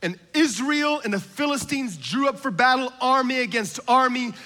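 A man preaching a sermon with passion, building to shouts on key lines. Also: extremely high pitch, moderate pace, long reverb tail.

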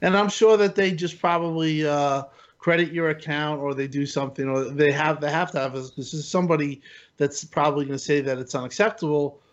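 A man's voice: a little high, steady tone. Rambling man on dull lo-fi audio. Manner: rambling, halting, restarts often. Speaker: podcast co-host. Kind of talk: casual gaming panel chat.

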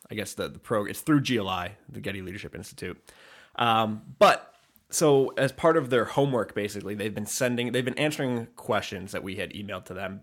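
A man's voice: fairly low pitch, a bit bright. A man co-hosting a podcast, chatting casually with dry teasing humor and explaining his work at length. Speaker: podcast co-host. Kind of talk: casual chat.

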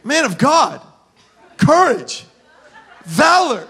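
A man, animated and self-mocking as he acts out funny stories. He breaks into shouts and laughs while addressing a live congregation in a church auditorium. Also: very high-pitched, moderate pace. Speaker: pastor. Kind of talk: humorous sermon storytelling.

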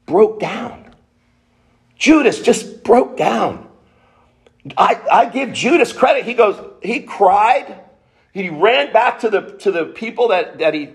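Emphatic male preacher, higher voice. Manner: emphatic, rhetorical questions, acts out quotes. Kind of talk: sermon.

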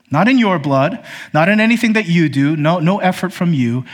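A male pastor delivering a sermon in a fairly high voice. He argues with the room, lifting his pitch on questions and sinking to near-hushed tones for the key lines, addressing listeners as brothers and sisters. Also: animated, brisk. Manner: emphatic, rising to high questions then dropping low and quiet.

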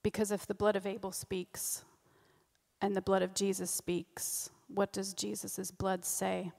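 A woman's voice: medium pitch, little pitch movement, measured pace, gravelly, darkish tone. A woman giving an informal, earnest sermon at a church service, often repeating and restarting her phrases. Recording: long reverb of a church hall.

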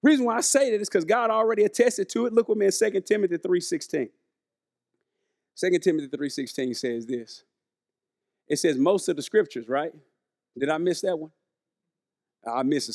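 A man's voice: sits high, a little fast, creaky, pauses often, darkish tone. A male preacher, delivering a conversational sermon who keeps asking the congregation questions and acting out the quotes.

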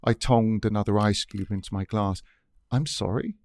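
A man's voice: on the low side, level tone, normal speed, a little mellow, no echo. A man reading his own essay aloud in a dry, wry, scripted narration.

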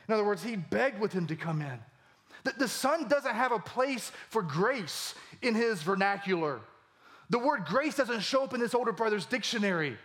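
A male pastor preaching a sermon with animated emphasis, his voice climbing for key points. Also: normal speed. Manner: animated, voice rising high for emphasis.

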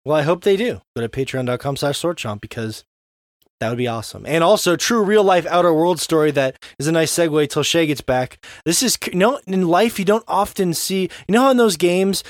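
A young adult man co-hosting a podcast, telling a story in an animated, casual way and swearing now and then. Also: on the high side, dry recording, studio quality. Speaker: podcast co-host. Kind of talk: casual chat.

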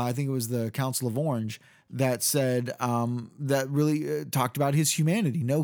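Man lecturing, halting and explanatory. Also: mid-range voice, a little mellow. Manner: explanatory, full of fillers and restarts, checks in with "okay?". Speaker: teacher of church history. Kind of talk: unscripted lecture.

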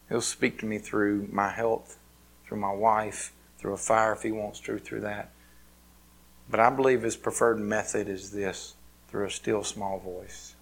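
Lower-voiced man preaching casually. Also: low-quality recording. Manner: casual, filler-heavy delivery with many restarts; swings between loud emphatic peaks and quiet, hushed asides. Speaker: pastor. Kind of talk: conversational sermon.

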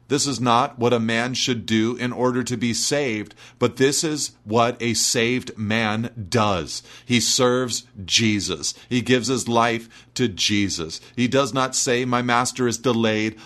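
Male preacher, medium-pitched voice, emphatic expository sermon. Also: a bit bright.

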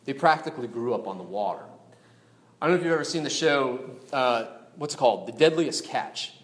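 A man's voice: mid-range voice, fairly quick, echoey room. A man preaching a sermon in a chatty way, often asking the listeners rhetorical questions. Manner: conversational, animated, asks rhetorical questions. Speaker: pastor.

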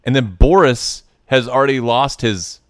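A man's voice: mid-range voice, measured pace, no room sound, clean studio sound. A man co-hosting a podcast, casually picking apart a film with wry teasing and mock-voiced quotes. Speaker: podcast co-host. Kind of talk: casual movie-review chat.

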